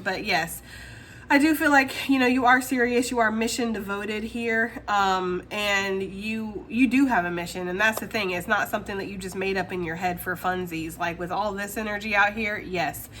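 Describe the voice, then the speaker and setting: A woman's voice: mid-range voice, fairly bright tone, a little hiss or hum. A woman giving a casual tarot reading straight to the viewer, chatty and laughing often. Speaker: tarot reader.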